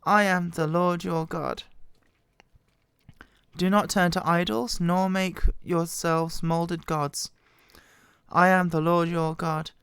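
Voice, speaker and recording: A woman with a bad cold, hoarse and quiet, her voice wobbling as she reads scripture aloud close to the microphone. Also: steady tone, dry recording. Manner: quiet, halting, voice wobbling in pitch. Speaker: Bible reader. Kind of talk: slow scripture reading.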